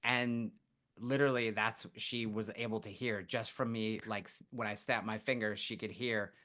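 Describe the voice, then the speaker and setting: A man guest on a podcast, telling stories in a casual, animated way and acting out what people said. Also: on the low side, normal speed. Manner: animated storyteller, acts out quotes. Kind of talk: casual storytelling interview.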